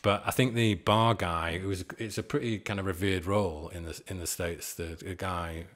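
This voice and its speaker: A man in his forties talks through his past in a loose, meandering way, often chuckling at himself. His voice sits very low. It is a relaxed podcast-guest chat. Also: normal speed. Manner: rambling, chuckling, self-deprecating. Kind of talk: casual storytelling chat.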